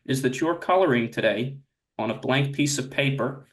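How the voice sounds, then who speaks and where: A young man asking absurd questions as interviewer in a mock interview, earnest and measured. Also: medium pitch.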